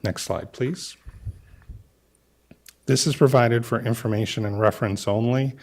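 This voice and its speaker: A city staff member presenting to a council meeting, speaking in a measured way with frequent "uh" fillers. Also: male voice, medium pitch, steady tone, darkish tone. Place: council chamber.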